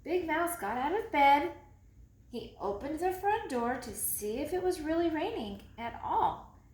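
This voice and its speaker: Slow, expressive woman reading a children's story. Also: high-pitched. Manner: expressive, slow, dramatic read-aloud. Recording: echoey room, faint background noise.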